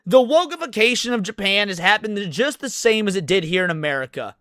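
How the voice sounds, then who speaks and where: A man's voice: high voice, animated, fairly quick, bright, forceful tone, smooth, no room sound, clean studio sound. A man ranting in a heated, profane, sarcastic way, hosting commentary over game clips. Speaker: commentary host.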